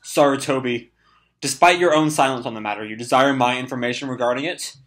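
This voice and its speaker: A hoarse man reading as Ao, a cold veteran ninja. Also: medium pitch, quick pace, fairly bright tone, lightly acted. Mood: stern.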